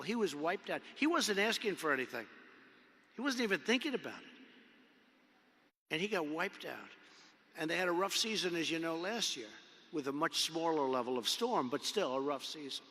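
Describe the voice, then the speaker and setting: Fairly high-pitched, bright, and forceful, with lively intonation and normal speed, a man in his seventies speaks off the cuff to a convention from a podium. His talk rambles and repeats, full of emphatic superlatives. A big indoor arena adds long reverb.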